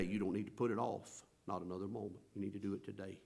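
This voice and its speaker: A male pastor preaching a sermon in a church, dropping to near murmurs and then rising to drawn-out shouts. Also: lowish voice, fairly even intonation, gravelly. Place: church building.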